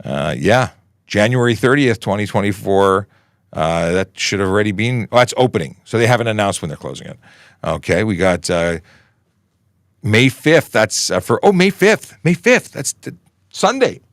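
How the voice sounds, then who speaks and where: A man's voice: lowish voice, lively intonation, normal speed, creaky, dry recording, clean studio sound. A man in his forties, a police constable hosting a casual livestream Q&A, talking in a chatty, rambling way with joking asides and restarts. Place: podcasting station in a studio.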